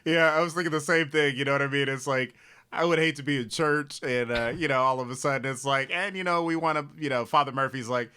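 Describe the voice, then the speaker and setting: A man co-hosts a casual podcast chat in a bright, forceful voice of middle pitch. He talks in an easygoing way, hedging with fillers and breaking into laughs. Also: brisk, smooth. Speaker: podcast co-host.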